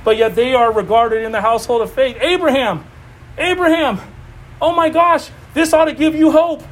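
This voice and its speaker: A man preaching an informal sermon, animated and emphatic, repeating phrases and laughing often. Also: extremely high pitch, moderate pace. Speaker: preacher teaching a Bible study.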